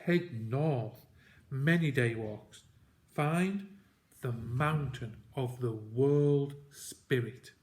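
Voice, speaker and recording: A man's voice: medium pitch, drawn-out words. A man voicing a dying, grim father. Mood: urgent. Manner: grave and commanding, short breathless phrases. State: weak and short of breath.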